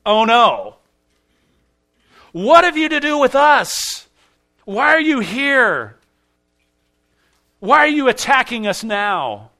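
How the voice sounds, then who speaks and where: A man's voice: very high voice, very animated, slow pace, pauses often, sharp tone, voice pushed up, full character voice. A man voicing a male demon who cries out in dread, firing off panicked, pleading questions. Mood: terrified.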